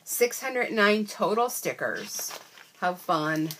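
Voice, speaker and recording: A woman's voice: mid-range voice, sing-song, slow pace, fairly bright tone, slight background noise. An older woman and grandmother chatting casually as she unboxes craft stickers, gushing and exclaiming with gasps and little oohs. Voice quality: wears bifocals. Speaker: crafting vlogger.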